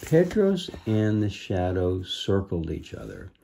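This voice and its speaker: Slow, gravelly man reading aloud. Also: sits low, big pitch swings, a little hiss or hum. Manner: gentle asides explaining the lesson. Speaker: reader. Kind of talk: reading a children's book aloud.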